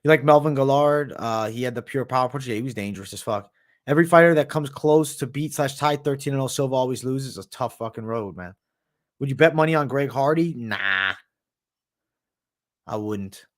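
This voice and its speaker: A laid-back man hosts a live stream and answers viewer questions in loose, casual chat. He swears freely and calls everyone "bro," in an easygoing, mid-pitched voice. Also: a little fast. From United States. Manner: laid-back, profane, says "bro" a lot. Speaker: livestream host.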